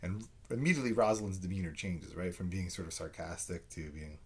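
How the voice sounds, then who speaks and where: A man's voice: low-pitched, fairly quick, few pauses, darkish tone, slightly rough. A man giving a conversational literature lecture, full of fillers and "right?" check-ins. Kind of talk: recorded lecture.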